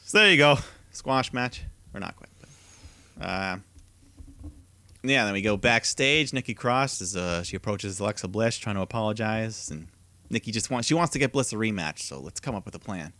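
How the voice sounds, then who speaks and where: A man's voice: lowish voice, animated, moderate pace, sharp tone. A man co-hosting a casual podcast, eagerly retelling events play-by-play and laughing often. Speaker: podcast co-host. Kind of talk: casual recap chat.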